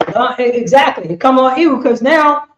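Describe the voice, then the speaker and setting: Male street teacher, high voice, rambling talk, dull echoey recording. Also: expressive, moderate pace, a bit bright, a little hiss or hum. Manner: rambling, keeps saying "you know what I'm saying". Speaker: religious teacher. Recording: echoey room, dull lo-fi sound.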